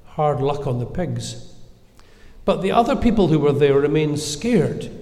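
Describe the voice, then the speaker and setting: A man preaching a sermon in a measured, gentle, earnest way, with reflective pauses. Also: a little high, big pitch swings. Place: church. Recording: echoey church with long reverb.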